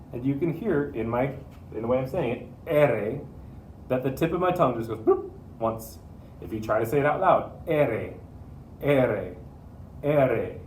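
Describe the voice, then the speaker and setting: A man's voice: mid-range voice, distant mic, slight background noise. Patient male teacher in an echoey room. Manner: patient, repeats key points. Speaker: Spanish teacher. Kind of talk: classroom lesson to students.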